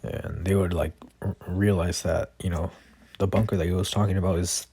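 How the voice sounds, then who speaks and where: A man's voice: low voice, fairly even intonation, normal speed, mellow, husky, no room sound. A man improvising a fan-fiction story, rambling and hesitant, full of fillers and restarts.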